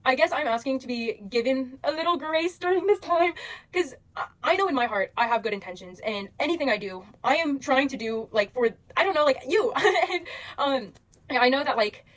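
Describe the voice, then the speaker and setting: A woman's voice: sits high, expressive, normal speed, fairly bright tone, low-quality recording. A young woman talking straight to her followers, earnest and emotional, rambling through plenty of fillers as she asks for patience. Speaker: social media creator. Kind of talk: direct-to-camera address to followers.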